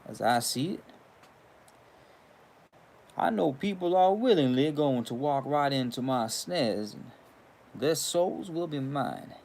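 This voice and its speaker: Here the devil speaks as a sly, unbothered old Southern gentleman, put on by a man telling a story. The Carolinas drawl comes out low and hushed. He sounds smug and sure of himself. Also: animated, slow, pauses often.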